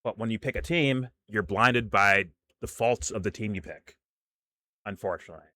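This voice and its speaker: Brief: male reaction host, low-ish voice, dry close sound, heated and sarcastic. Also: normal speed, sharp tone, no room sound. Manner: heated, sarcastic, mocks others in put-on voices. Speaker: commentary show host. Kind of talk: profane political reaction commentary.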